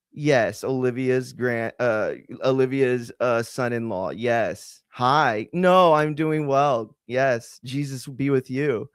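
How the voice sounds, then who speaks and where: A man putting on an exaggerated, overly proper and polite phone voice, slow and measured. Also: mid-range voice, dry recording, studio quality.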